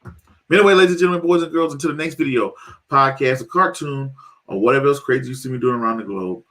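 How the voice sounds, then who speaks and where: A man's voice: mid-range voice, fast, a bit bright. A male host gives a casual monologue to the camera, asking rhetorical questions and acting out quoted voices.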